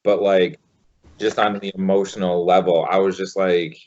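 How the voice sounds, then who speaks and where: A man co-hosting a casual podcast, talking haltingly with many fillers and some swearing. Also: low-pitched, little pitch movement, darkish tone. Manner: halting, filler-heavy, profane. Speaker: podcast co-host. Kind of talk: casual chat. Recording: dull lo-fi podcast audio.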